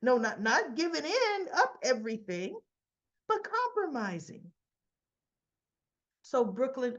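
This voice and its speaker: A chatty woman rambles through a casual recap of a TV episode in a fairly high voice. The sound is a little dull and lo-fi, like a modest home setup. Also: very animated, takes it slowly, pauses often. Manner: chatty, rambling, acting out the characters' lines. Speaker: soap opera recap host.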